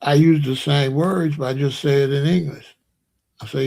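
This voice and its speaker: Gravelly-voiced American man, boastful monologue. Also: a little high, steady tone, normal speed, a little mellow. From United States. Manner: rambling, repetitive, boastful. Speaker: commentary show host. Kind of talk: casual monologue to viewers.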